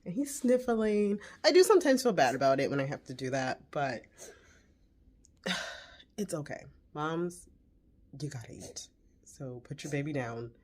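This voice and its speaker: Chatting to a camera on her kitchen counter, a mom in her 40s cooks breakfast in a casual vlog. Her deep voice is animated and a little mellow, moving at normal speed with frequent pauses.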